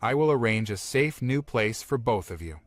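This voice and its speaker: A man voicing a calm, serious young male hero who knows the future, giving firm instructions in a comic-book recap. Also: medium pitch, moderate pace, no echo, lightly acted.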